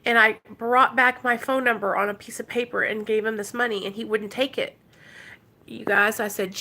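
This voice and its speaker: Bright-voiced woman vlogger. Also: on the high side, normal speed. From Arkansas. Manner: emotional, talks straight to viewers. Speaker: recovery vlogger. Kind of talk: casual storytelling vlog.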